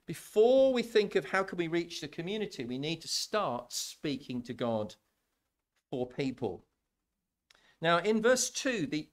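Animated preacher, lively pitch. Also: male voice. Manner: animated, conversational, repeats words when building a point. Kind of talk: sermon. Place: church.

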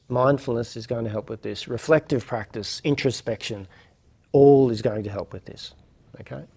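A man's voice: medium pitch, darkish tone. A man hosting a reflective lecture series, musing aloud with many fillers and restarts. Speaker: host of a non-duality lecture series.

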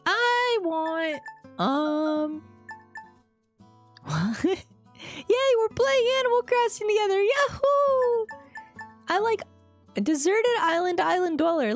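A woman putting on a cutesy baby voice while chatting through a video game stream, teasing herself about how silly it sounds. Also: heavily acted. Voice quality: high babyish voice with a gravelly edge. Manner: self-mocking, giggly. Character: cutesy baby-talking little girl. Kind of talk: livestream gameplay chatter.

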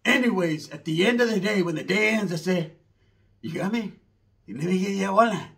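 A man's voice: high-pitched, a little fast, fairly bright tone. A man doing a rambling, slangy comedy monologue, mixing in Spanish words.

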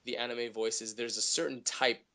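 A male voice actor, a guest on an interview show, telling stories in a casual chat with lots of high energy. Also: moderate pace. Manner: high-energy, animated storytelling.

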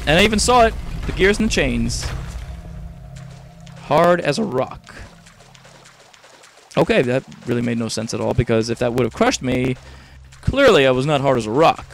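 A man's voice: mid-range voice, big pitch swings, fast, creaky, a little hiss or hum. A young man hosting a gaming video, rambling casually, exasperated and swearing a lot. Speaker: host.

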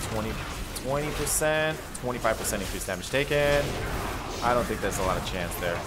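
A man at a middle pitch giving live, excitable gameplay commentary, full of jokes and casual slang. Loud game music plays clearly behind his voice throughout. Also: a little fast. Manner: excited, chatty, jokey, lots of "dude" and "man". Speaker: gameplay streamer.

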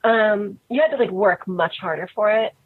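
A woman in her thirties speaks as an interview guest, frank and relaxed, with "like" dropped all through her talk. Her husky voice comes through thin and tinny, like a phone line. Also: mid-range voice, moderate pace, no echo. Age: 30s. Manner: frank, relaxed, many "like" fillers.

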